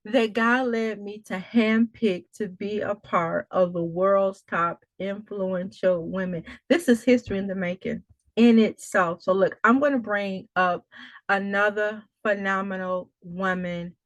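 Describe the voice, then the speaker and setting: A woman's voice: mid-range voice, steady tone, a little slow, no echo. A woman coach hosting an interview, effusive and full of praise, speaking often of God. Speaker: coach and host. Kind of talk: emotional interview.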